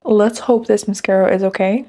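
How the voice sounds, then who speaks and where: A woman's voice: medium pitch, steady tone, normal speed, warm tone. A young woman chatting casually to viewers while reviewing makeup, enthusiastic and direct. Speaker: beauty vlogger.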